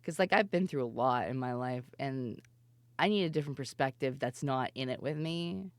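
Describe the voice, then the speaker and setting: Low-voiced, giggly woman streamer. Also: moderate pace, no echo. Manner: giggly, rambling, mimics voices in anecdotes. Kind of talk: casual stream chat.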